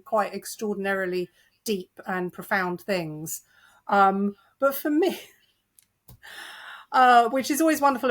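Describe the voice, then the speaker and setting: A middle-aged British woman with a British accent, a novelist guest chatting in an interview, animated and self-deprecating with frequent laughs. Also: mid-range voice. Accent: British English. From United Kingdom. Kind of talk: conversational interview.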